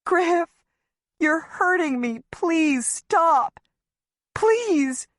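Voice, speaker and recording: A frightened young mother held captive, as a woman reads her lines, pleading through tears and gasps. The reading is slow and careful. The recording is close and dry. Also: a little high, animated, no echo. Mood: terrified. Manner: pleading, tearful, breathless. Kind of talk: audiobook narration.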